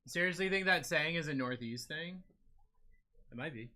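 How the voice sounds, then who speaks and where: A man's voice: on the high side, normal speed. A young man with a New England accent hosting a live card-break stream, calling out player names and chatting with viewers. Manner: lively, calls out names, chats with viewers. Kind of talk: live-stream chat while opening cards.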